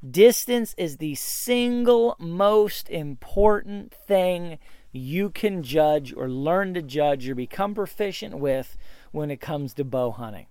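A man's voice: on the high side, expressive, slow, darkish tone, clear, resonant tone, no echo. A man telling a hunting story in a casual, matter-of-fact and emphatic way. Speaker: bowhunting advice speaker.

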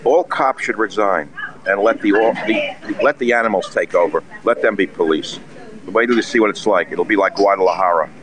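In a busy indoor restaurant, a man with a lowish voice rants at a moderate pace, scornful and combative. The recording is noisy with the crowd's chatter all around him.

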